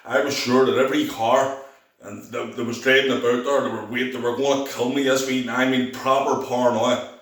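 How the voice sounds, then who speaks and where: Telling his testimony in a rambling way, this Belfast-accented speaker from Northern Ireland frequently restarts and performs the voices of those he quotes. He talks fairly quickly in a mid-range, slightly bright voice with little pitch movement. The low-quality recording is very echoey, with the mic far away.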